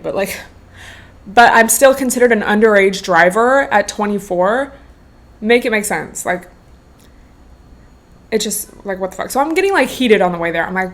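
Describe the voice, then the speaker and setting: A young woman hosts her own podcast and chats her way through a story. Her talk is loose and filled with "like" and "bro", with swearing dropped in casually. Her voice sits at a middle pitch for a woman. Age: 20s. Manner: chatty, swears freely, lots of "like" and "bro". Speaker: podcast host.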